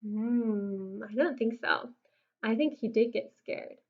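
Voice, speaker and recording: A woman reading a rhyming picture book aloud, softly echoing the rhyming words after each line. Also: fairly high pitch, slow pace, narrow, tinny audio. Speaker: storybook reader.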